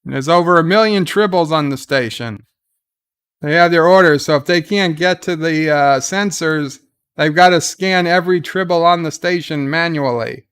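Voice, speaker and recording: A man's voice: fairly high pitch, moderate pace, fairly bright tone, clear, resonant tone. A man hosting a live reaction stream, rambling as he paraphrases scenes and reads viewer comments aloud. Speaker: livestream reaction host. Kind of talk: live commentary and chat reading.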